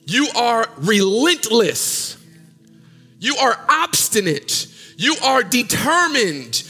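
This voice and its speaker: A male pastor preaching a sermon, swinging from loud sung peaks down to low murmurs in call-and-response style. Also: big pitch swings, slow pace, slightly rough. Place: church sanctuary. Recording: long hall reverb with faint music.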